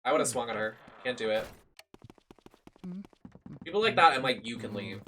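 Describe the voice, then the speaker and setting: A young adult streamer giving sassy, animated live commentary on a game and swearing freely. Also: medium pitch, normal speed, a little hiss or hum. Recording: clear game music underneath. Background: game music.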